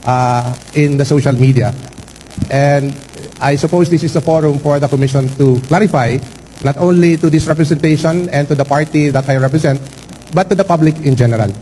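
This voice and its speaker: A man speaking as a lawyer for a candidate, making a formal manifestation before a canvass board, deliberate and formal, stressing key words and pausing with fillers. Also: fairly high pitch, dark tone, a little hiss or hum, poor audio. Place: hearing room.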